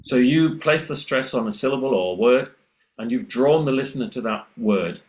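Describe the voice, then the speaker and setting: A man teaching pronunciation on a webinar panel over a video call, explaining at length and acting out his students in a higher voice. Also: normal speed. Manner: lively, acts out students' voices in a higher pitch.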